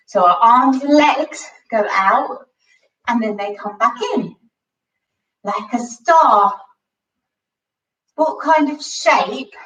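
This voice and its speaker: A woman's voice: a little high, fairly bright tone, echoey room, recorded from a distance, rough recording. A woman coaching a children's home workout, cheerful and encouraging and a bit out of breath from exercising. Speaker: kids' gymnastics coach.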